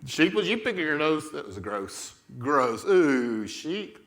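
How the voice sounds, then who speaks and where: A man's voice: a little high, very animated, takes it slowly, crowd noise. A man leading a children's church lesson, playfully telling a Bible story and directing kids as they act it out. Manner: playful, coaching children through a skit.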